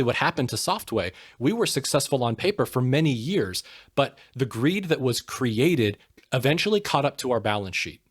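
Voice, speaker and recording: A man's voice: medium pitch, no echo, studio quality. Earnest, emphatic man in interview. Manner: earnest, emphatic, rhetorical questions. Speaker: podcast guest, book co-author. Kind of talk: casual interview talk.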